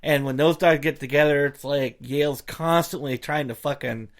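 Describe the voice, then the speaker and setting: A laid-back man with a gravelly, fry-heavy voice chatting casually on a podcast. He laughs often and drops short, dry one-liners between the other host's stories. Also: a little high, steady tone, moderate pace. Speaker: podcast co-host. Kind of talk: casual chat.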